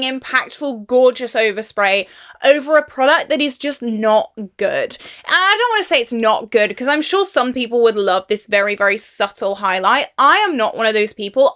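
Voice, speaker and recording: A woman's voice: a little high, a bit bright. A young woman chatting through a makeup review vlog, emphatic and exasperated about a product. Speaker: beauty YouTuber.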